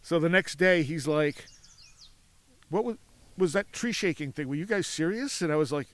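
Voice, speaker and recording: A man telling a story as a podcast guest outdoors at a cemetery, animated, acting out voices in his anecdotes and laughing often. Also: fairly high pitch, normal speed. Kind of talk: casual storytelling.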